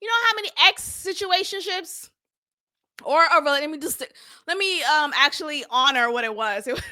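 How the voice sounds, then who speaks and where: A young adult woman recaps a reality show in a casual, animated way, laughing often and acting out quotes. Her voice is high-pitched and her speed is normal.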